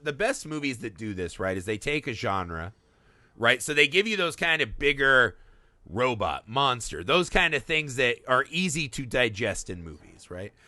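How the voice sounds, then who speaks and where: A man in his thirties co-hosting a casual film podcast, animated and swearing freely as he acts out scenes. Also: mid-range voice, moderate pace, dry recording. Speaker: podcast co-host.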